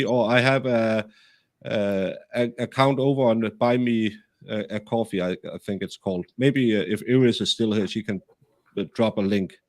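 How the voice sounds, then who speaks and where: A man hosts a livestream, reading out viewer comments and stopping often to find his words. His voice sits in a middle range. He sounds unhurried. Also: mid-range voice, a little mellow. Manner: halting, many fillers and restarts. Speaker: host.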